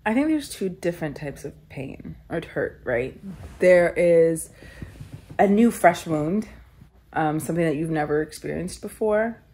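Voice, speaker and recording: A woman's voice: low-pitched, lively intonation, a little slow, warm tone. A woman telling a candid personal story in an interview, earnest and reflective, with many filler "likes". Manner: tearful laughing when moved.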